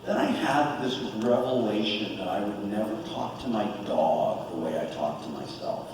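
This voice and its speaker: As a convention panel guest in a large hall, a man in his forties talks candidly and earnestly about living with depression, open and animated. His voice is on the low side at normal speed, recorded from far off in an echoey hall with slight background noise.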